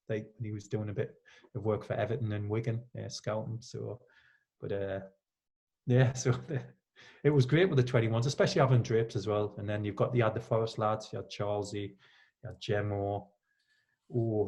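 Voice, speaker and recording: A Geordie man in his fifties, a former footballer, chatting in a relaxed way and telling anecdotes as a podcast guest. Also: fairly low pitch. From Newcastle, England. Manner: storytelling, acts out quoted lines with laughs.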